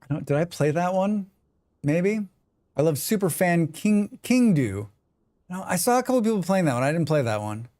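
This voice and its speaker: An excitable man chats on a gaming livestream and swears freely as he talks to his viewers. His voice sits a little high. The sound is dry, with almost no room around it. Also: normal speed, dry recording. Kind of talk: casual gaming livestream chat.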